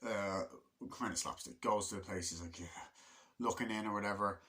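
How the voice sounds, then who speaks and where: Young guy rambling about a movie, swears a ton, bright forceful voice, lowish pitch. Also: steady tone. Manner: rambling, swears a lot, acts out scenes in quick impressions. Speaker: movie reviewer. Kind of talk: casual movie review.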